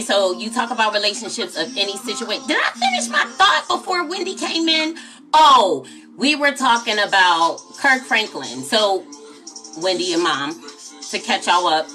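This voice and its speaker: A woman's voice: medium pitch, bright, forceful tone. A woman hosting a casual late-night livestream, chatty and talking straight to her viewers as y'all. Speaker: livestream host.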